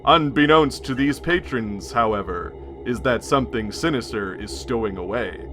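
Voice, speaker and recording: A man's voice: mid-range voice, lively intonation, normal speed, fairly bright tone, a little hiss or hum. A man narrating a tabletop horror game as game master, telling the scene like a story. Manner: storytelling, with chuckles.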